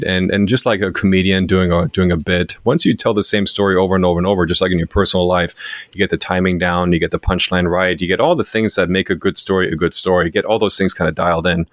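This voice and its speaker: A man in his thirties, a guest author telling lively stories in an interview, laughing often and acting out what others said. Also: low-pitched, no room sound. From Germany. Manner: animated storyteller, laughs often, acts out quoted lines. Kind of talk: storytelling interview.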